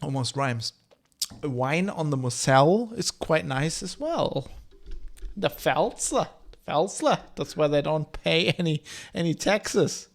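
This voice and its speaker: A man in his thirties from Germany with a mixed, slightly German English accent, chatting loosely while streaming a game and reading chat aloud, with a slight rasp. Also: fairly high pitch, animated, unhurried. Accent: German-tinged mixed English. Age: 30s. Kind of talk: casual game commentary.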